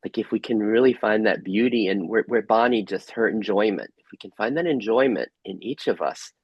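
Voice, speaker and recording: A man facilitating an online group workshop over a video call, gently asking soft reflective questions. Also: on the low side, fairly quick, slightly rough, dry recording, highs cut off.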